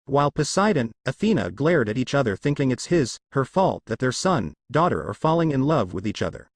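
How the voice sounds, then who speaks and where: Man, story reader, fan fiction, matter-of-fact, lively intonation, dry sound. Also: mid-range voice, a little fast, husky, no echo. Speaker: narrator. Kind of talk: reading fan fiction aloud.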